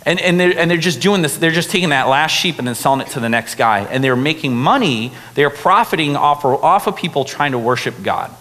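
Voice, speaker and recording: A man's voice: on the high side, a little fast, few pauses. Casual young man preaching in a reverberant hall. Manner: casual, animated preaching with many fillers. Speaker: pastor. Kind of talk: sermon. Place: church hall.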